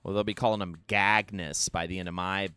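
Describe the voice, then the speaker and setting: A man streaming a game live, talking through it with animated, self-mocking banter. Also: low voice, fairly quick, clean tone. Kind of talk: live gameplay commentary.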